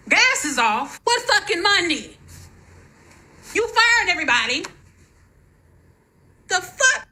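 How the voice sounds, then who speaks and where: Furious profane woman ranting, bright voice. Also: sits high, low-quality recording. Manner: furious, profane, shouting in bursts. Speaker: social media creator. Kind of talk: angry rant to camera.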